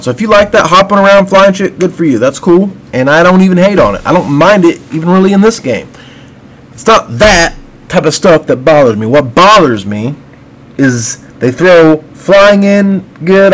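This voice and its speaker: A man with a somewhat higher voice vents in an unscripted gaming rant, frustrated and full of cursing. He rambles, then turns apologetic and friendly toward his viewers. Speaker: gaming video creator. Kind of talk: unscripted ranting commentary.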